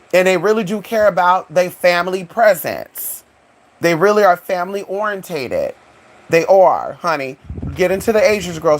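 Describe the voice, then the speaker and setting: A sassy, flamboyant man hosts a casual live stream with a slightly raised voice. He rambles to his unseen viewers and keeps calling them honey and girl. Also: high voice. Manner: rambling, talks back to an unseen audience. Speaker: channel host.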